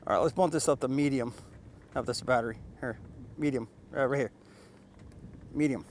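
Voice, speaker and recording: A man's voice: medium pitch, normal speed, long pauses, slight background noise. A man casually reviewing and demonstrating a riding mower outdoors, chatty and enthusiastic, explaining each step. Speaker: tool reviewer. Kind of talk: casual product demo vlog. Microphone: camera mic, at times an action camera on the mower.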